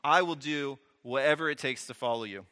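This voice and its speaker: A man's voice: medium pitch, fairly quick, pushed and bright, clear, resonant tone, lightly acted. A man playing an eager, boastful male apostle who stammers out insistent protests, in a reverberant hall.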